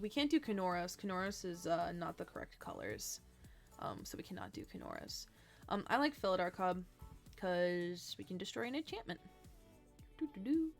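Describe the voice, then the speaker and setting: A woman streamer talks through her deck-building in a relaxed, chatty way, tired and yawning as she goes. Her voice has a gravelly, fry-heavy edge. Soft music and keyboard clicks sit faintly behind her. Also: medium pitch, normal speed. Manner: chatty, thinks aloud, hums and trails off. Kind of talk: casual livestream chat.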